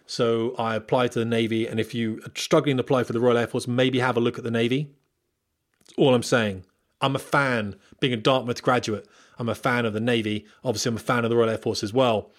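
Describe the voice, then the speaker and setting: A man's voice: medium pitch, fairly even intonation, brisk. A man speaking to viewers in a candid, rambling monologue with fillers and restarts, giving career advice as a former military pilot.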